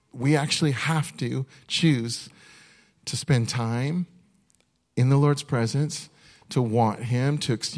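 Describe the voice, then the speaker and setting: A male pastor giving a sermon in an earnest, conversational way, often restarting his sentences and slowing down to read a list one item at a time. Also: mid-range voice, darkish tone.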